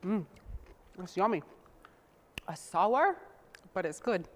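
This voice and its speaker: A woman's voice: medium pitch, big pitch swings, takes it slowly, slight background noise. A woman hosting a casual cooking demonstration, chatting to viewers in a homey way while she chops and mixes, sometimes drifting away from the mic. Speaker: cooking show host.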